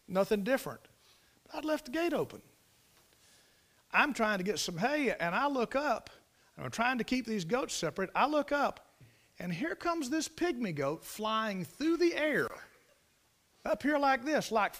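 A high-pitched man, telling a barnyard story with a folksy drawl. His voice swoops up and down a lot as he spins it out like a preacher. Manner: folksy, animated, drawling country talk.

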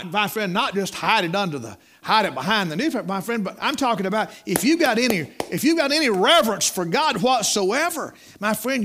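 A man's voice: high-pitched, fairly bright tone. A middle-aged man preaching a sermon in a folksy storytelling way, repeating words and calling listeners "my friend.".

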